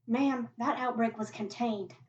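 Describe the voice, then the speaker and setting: A woman's voice: a little high, steady tone, natural voice. A woman reading aloud, voicing a frightened teenage boy who pleads at gunpoint in a put-on drawl. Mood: pleading. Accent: put-on regional drawl. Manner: nervous, pleading, quick denials. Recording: echoey, distant, muffled home recording.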